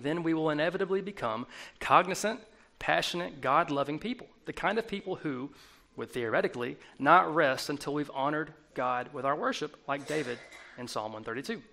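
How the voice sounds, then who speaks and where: A man in his thirties delivers a sermon in a loose, conversational way, slipping into acted-out voices for the people he quotes. His voice sits a little high, with a bright, forceful edge and a gravelly rasp underneath. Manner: casual, animated, acts out quotes. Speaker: worship leader preaching.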